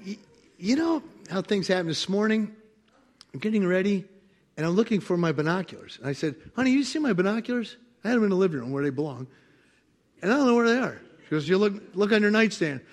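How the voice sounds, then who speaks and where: Gravelly high-voiced preacher man. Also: expressive, fast talker. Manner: swings from quiet asides to loud preaching, acts out quoted voices. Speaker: pastor. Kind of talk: sermon with personal stories.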